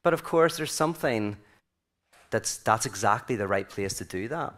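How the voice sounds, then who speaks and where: A man's voice: on the low side, expressive, normal speed, a bit bright. A male speaker at a weekend event delivers a casual, rambling talk. He leans on fillers and restarts, and he slips into other voices when quoting people. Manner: loose and conversational, many fillers, acts out quoted voices.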